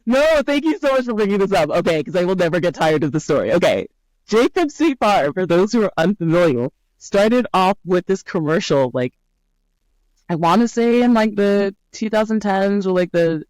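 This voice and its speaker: A woman's voice: mid-range voice, moderate pace, no room sound, rough recording. A woman guest on a podcast interview who tells stories with energy and often checks in with "right?". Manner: lively storyteller, often adds "right?". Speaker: guest, brand scientist.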